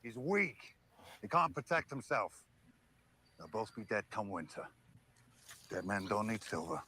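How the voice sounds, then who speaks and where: A hardened, cynical sellsword in a TV drama, bright-edged, blunt delivery. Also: male voice, fairly low pitch, unhurried, a little hiss or hum, heavily acted. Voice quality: blunt, flat, matter-of-fact. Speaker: show clip.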